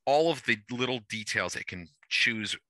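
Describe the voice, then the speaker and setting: A man organizing a tabletop game and explaining its rules in a relaxed, rambling way, often restarting as he thinks aloud, heard over an online call. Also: mid-range voice, normal speed, no echo.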